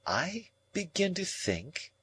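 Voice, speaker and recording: A man voicing a proud young woman who speaks in a calm, measured, reproachful way in an audiobook. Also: medium pitch, breathy edge, pitched above the performer's own voice. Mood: cool.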